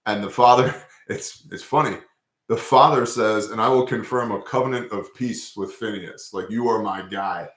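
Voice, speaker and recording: A man's voice: on the low side, moderate pace. Casual, swearing man in an echoey room. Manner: casual, profane, animated storytelling. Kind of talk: casual scripture discussion.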